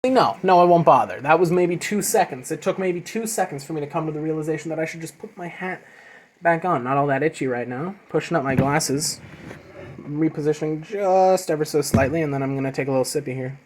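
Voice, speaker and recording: A man's voice: fairly high pitch, fairly quick, background noise. A young man giving a sarcastic, casual comic review, reading strips aloud and muttering to himself. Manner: sarcastic, reads comics aloud in silly voices, mumbles to himself.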